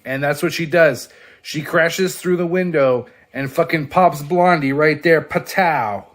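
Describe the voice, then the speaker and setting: A man casually reviewing a comic book on his vlog, excitable and profane, laughing often as he flips through pages. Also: a little high, unhurried.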